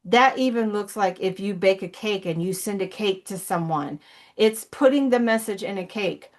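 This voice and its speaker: A woman's voice: mid-range voice, normal speed. A woman ministry coach giving an emotional motivational talk, earnest and pleading, blunt and sometimes profane, rambling with many fillers and restarts.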